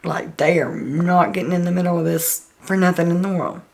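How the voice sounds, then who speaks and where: A woman's voice: on the low side, fairly even intonation, brisk, gravelly, a little mellow. A woman host chatting through a casual, gossipy recap of a reality show, full of "like" and "um".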